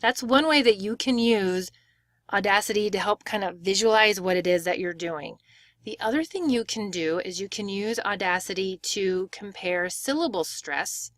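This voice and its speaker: Clear woman teaching pronunciation. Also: medium pitch, no echo, studio quality. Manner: clear, step-by-step explaining with demonstrated words. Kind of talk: screen-share tutorial.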